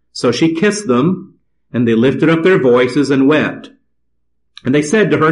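A man preaching a sermon, reading scripture aloud and explaining it in a slow, deliberate manner. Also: mid-range voice, lively intonation, poor audio.

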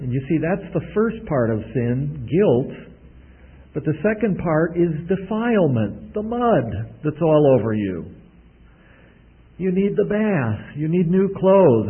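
Husky preacher man on a tinny line. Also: medium pitch. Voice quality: husky, clears throat often. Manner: homey storytelling, voices characters in the anecdote. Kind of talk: sermon with a told illustration. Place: church service. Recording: tinny phone-like recording.

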